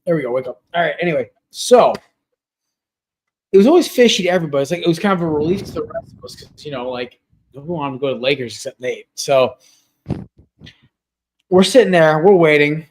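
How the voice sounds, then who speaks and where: A man's voice: fairly high pitch, lively intonation, fairly quick. A man co-hosting a sports podcast over a video call, rambling and chatty with many fillers. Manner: rambling, lots of fillers and restarts. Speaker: podcast co-host. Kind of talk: casual sports chat. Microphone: home setup on a video call.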